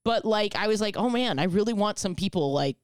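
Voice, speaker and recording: Woman, podcast host, smooth clear voice, dry close sound, rambling, jokey. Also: medium pitch, expressive, fairly quick, dry recording. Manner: rambling, joking. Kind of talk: casual chat.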